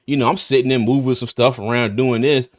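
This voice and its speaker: A man's voice: medium pitch, steady tone, brisk. A man hosting a casual livestream, laughing often and talking in loose, restarting bursts. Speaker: host of a live draft-night stream.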